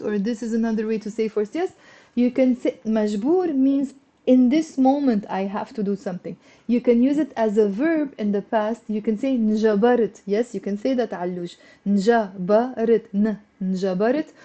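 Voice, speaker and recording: Woman, Lebanese accent, slightly high mellow voice, live-stream language teacher drawing out replies, dull lo-fi sound. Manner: coaxing, asks for student replies. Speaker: Arabic teacher. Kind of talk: live online language lesson. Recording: dull lo-fi livestream audio.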